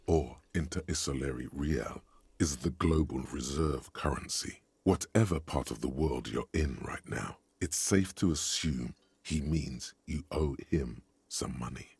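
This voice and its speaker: Deep gravelly game narrator, husky and bone-dry delivery. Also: male voice, a little mellow, no echo, heavily acted. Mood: solemn. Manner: slow, measured narration.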